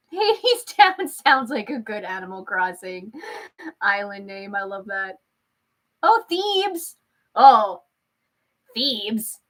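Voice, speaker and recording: A woman's voice: mid-range voice, animated, slow, a bit bright. A young woman hosting a casual chat, chatty and laughing often, swearing freely as she talks. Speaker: host.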